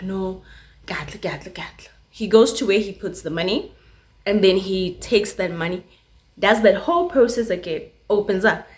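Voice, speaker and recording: A South African woman vlogger telling a story casually, full of filler words, switching languages mid-sentence and acting out sounds. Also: mid-range voice. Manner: animated storytelling with sound effects. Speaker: YouTuber.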